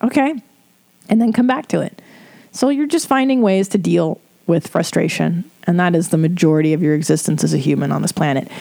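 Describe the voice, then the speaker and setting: Middle-aged woman, mellow warm voice, casual advice chat, blunt and profane, laughs a lot. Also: on the low side, brisk, vocal fry. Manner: frank, swears freely, laughs often. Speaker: podcast host giving advice.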